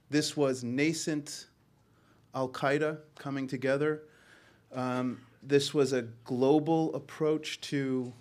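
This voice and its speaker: Here a Boston journalist in middle age, who works for a newspaper, stumbles earnestly through a personal anecdote before a panel, restarting often amid many ums. His voice sits in the mid range.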